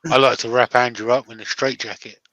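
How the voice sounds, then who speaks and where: A man's voice: medium pitch, fairly even intonation, brisk, bright, forceful tone, no echo. A man, a woodturner chatting casually and joking while he works at the lathe in a live stream. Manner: joking, banter-heavy. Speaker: woodturner demonstrating.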